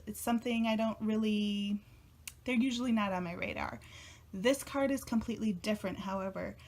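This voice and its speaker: A young woman chatting casually to camera for her video channel, gushing and emotional, often trailing off with fillers. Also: mid-range voice. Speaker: tarot vlogger.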